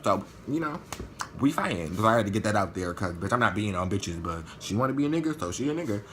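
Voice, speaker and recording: A man telling a story in a vlog, animated and profane, acting out what people said. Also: on the low side, fast talker, slight background noise. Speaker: vlogger.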